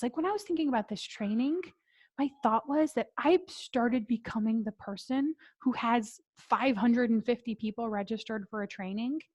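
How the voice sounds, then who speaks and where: A woman business coach leading a training, deliberately talking slowly and calmly, with breathy sighs and soft whispered moments. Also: fairly high pitch.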